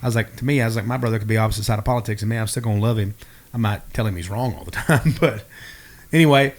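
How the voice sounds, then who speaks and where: Chatty man telling a story. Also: mid-range voice. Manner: animated, acts out quoted dialogue. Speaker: podcast co-host. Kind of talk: casual storytelling.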